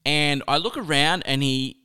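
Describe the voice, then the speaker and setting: A young man telling a personal story with a lesson, chatty and animated, often laughing as he talks. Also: a little high, unhurried, smooth. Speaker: speaker sharing a life lesson.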